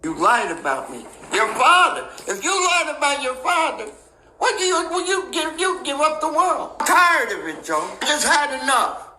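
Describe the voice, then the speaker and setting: Give me a gruff man in his eighties who taunts and speaks bluntly to the camera. His voice sits very high and sounds sharp and bright, with a roomy echo around it. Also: very animated, moderate pace, a little hiss or hum. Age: 80s. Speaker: father speaking in a video. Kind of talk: angry direct address to camera.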